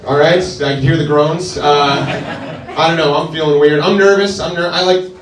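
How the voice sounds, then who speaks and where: A male stand-up comedian with a hesitant, deadpan delivery full of pauses. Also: fairly high pitch, recorded from a distance, noisy background. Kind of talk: stand-up set. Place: comedy club stage with laughing audience. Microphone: handheld stage mic. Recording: roomy club sound, audience laughter.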